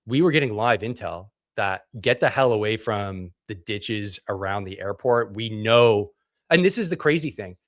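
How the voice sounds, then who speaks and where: A man's voice: fairly low pitch, a bit bright, no room sound, clean studio sound. A man from Canada, a military veteran being interviewed, telling his story bluntly with swearing and acted-out dialogue. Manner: blunt and profane, acts out dialogue.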